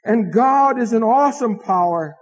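A man preaching an evening sermon as pastor, earnest, with rising emphasis and dramatic pauses. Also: very high voice, animated, breathy edge, poor audio.

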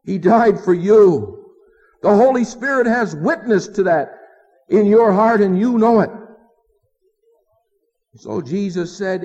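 A man's voice: high voice, darkish tone. A man preaching a sermon in an earnest, emphatic way, asking his listeners rhetorical questions. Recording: dull lo-fi sound with long hall reverb.

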